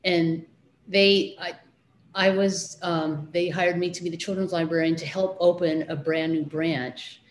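A woman's voice: lowish voice, fairly even intonation, a little slow, echoey room, a little hiss or hum. A middle-aged woman, a children's librarian, recalling her studies in a casual interview, hesitant with many fillers and restarts.

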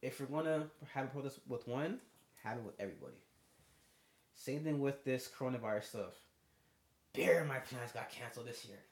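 A man's voice: mid-range voice, normal speed. A young man, chatting casually on a podcast and acting out both sides of his stories. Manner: animated storyteller, acts out both sides of conversations. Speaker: podcast co-host. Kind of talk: casual chat. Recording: roomy echo.

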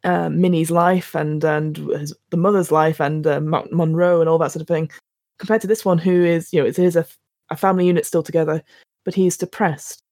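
A woman's voice: low-pitched, brisk, no room sound, studio quality. A woman co-hosting a casual podcast chat about films, retelling scenes and acting out the characters' lines with plenty of restarts. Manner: animated storytelling, acts out quotes, restarts often. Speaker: podcast co-host reviewing films.

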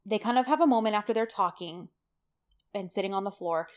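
A woman co-hosting a casual podcast recaps a TV episode, animatedly retelling it and acting out the characters' lines. Her mid-range voice is a little mellow and moves a little fast.

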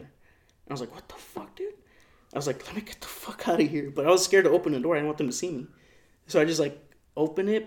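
A young man with a slightly high voice tells a story in a loose, rambling way. He swears often and fills his talk with "like". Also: a little mellow. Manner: rambling, swears a lot, lots of "like". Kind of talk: casual chat.

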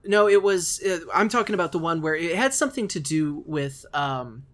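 A man's voice: fairly high pitch, expressive, normal speed. A man co-hosting a podcast in casual chat, hedging and trailing off with lots of "like". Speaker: podcast co-host.

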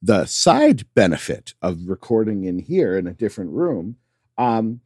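Low-voiced man co-hosting a podcast. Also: huge pitch swings, measured pace, darkish tone, no echo, studio quality. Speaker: podcast co-host. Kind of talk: casual chat.

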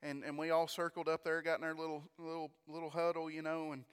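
A man preaching a storytelling sermon, animated, stumbling over repeated words and breaking into praise. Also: fairly high pitch, fast talker, clear, resonant tone, in a large hall.

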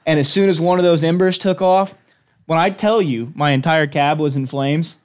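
A man's voice: a little high, normal speed, clean tone. A young man, a demolition derby driver, casually telling stories as a guest in a chat. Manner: matter-of-fact, swears casually.

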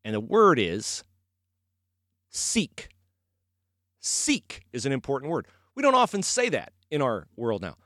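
A man's voice: medium pitch, moderate pace, few pauses, no room sound, studio quality. A man hosting a podcast, talking casually and emphatically in a folksy way, moving from sports to faith. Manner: animated, folksy, emphatic repetition. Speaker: podcast host.

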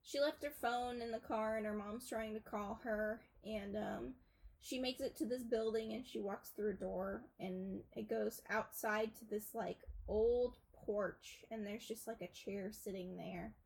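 A woman's voice: mid-range voice, fairly even intonation, a little slow, vocal fry, a little mellow, slight background noise, poor audio. A young woman co-hosting a casual podcast, rambling through a film plot with frequent filler words. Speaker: podcast co-host. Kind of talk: casual chat retelling a film.

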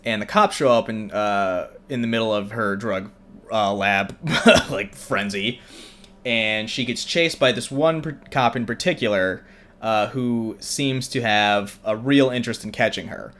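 Young guy rambling thru a movie plot, lots of uh and like, kinda low voice. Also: a little slow, a bit bright. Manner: rambling, filler-heavy. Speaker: host. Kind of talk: casual movie recap.

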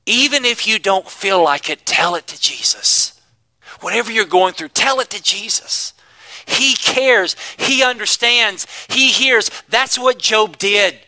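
A man preaching a sermon to his congregation, emphatic, swinging between loud declarations and hushed asides. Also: high-pitched, rough recording. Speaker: pastor.

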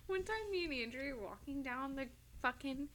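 A woman's voice: high-pitched, animated, moderate pace, a bit bright, slight background noise. A woman co-hosting a casual podcast, telling chatty stories between laughs. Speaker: podcast co-host. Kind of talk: casual chat.

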